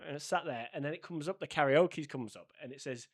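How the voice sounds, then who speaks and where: A man tells a travel story in a casual podcast chat. His voice sits a little high, and he plays out every exchange he recounts in an animated way. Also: fast. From Manchester, England. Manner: animated, acts out quoted voices in his anecdotes. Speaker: podcast co-host.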